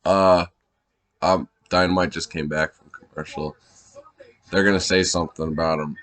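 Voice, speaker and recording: A man giving off-the-cuff excited commentary, rambling and swearing, laughing often and restarting his sentences while a little high. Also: moderate pace, no echo. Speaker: wrestling fan vlogger.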